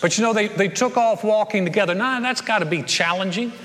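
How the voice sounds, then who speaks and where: High-voiced middle-aged pastor preaching. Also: male voice, a little fast. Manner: animated storytelling, repeats words. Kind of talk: sermon. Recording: long reverb of a large church hall.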